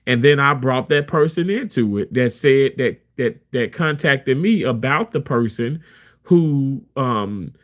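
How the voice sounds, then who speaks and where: A man's voice: medium pitch, animated, a little slow. A man talking to camera as a live streamer, telling a story in a candid, emphatic way with many restarts. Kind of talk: casual storytelling rant.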